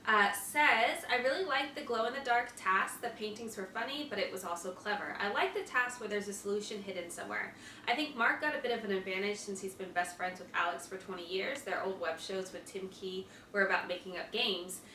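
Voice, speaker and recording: A woman co-hosts a reaction video in relaxed chat, reading aloud with a bright, forceful tone. She sits away from the mic in an echoey room. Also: medium pitch, brisk, distant mic, a little hiss or hum. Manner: reads viewer comment aloud, laughs easily. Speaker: reaction channel co-host. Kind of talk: casual chat.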